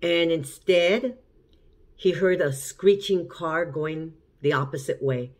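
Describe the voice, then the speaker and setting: A woman's voice: sits low, slow, darkish tone. A middle-aged woman, a cooking channel host, casually telling a story to the camera in a chatty way, often repeating and restarting. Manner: chatty, repeats and restarts while recounting events.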